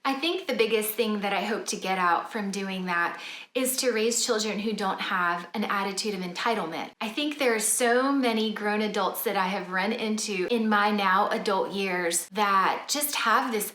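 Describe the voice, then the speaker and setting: A woman, a mother, chatting casually to camera about how she talks to her kids, earnest and measured. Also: mid-range voice, a bit bright, echoey room. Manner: earnest and measured, explaining her parenting rules. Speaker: mother and family vlogger. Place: home kitchen table.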